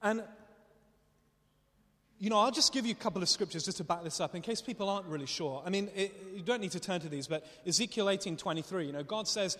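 Guy preaching in a big echoey hall, chatty and fired up, kinda high voice. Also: quick pace, fairly bright tone. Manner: impassioned, conversational storytelling. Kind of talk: sermon. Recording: long hall reverb.

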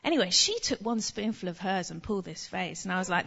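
A woman's voice: mid-range voice, lively intonation, a little fast, gravelly, fairly bright tone, husky, muffled recording. A woman with an English accent giving a conversational sermon, telling a chatty anecdote before reading scripture. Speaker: preacher.

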